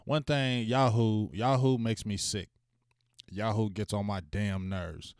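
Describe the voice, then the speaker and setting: Hosting a sports talk stream, this man speaks casually and with plenty of slang, sometimes venting or yelling shout-outs to viewers. His voice is smooth, resonant, and fairly low, with fairly even intonation and a slow delivery. The sound is close to the mic, dry, with no echo.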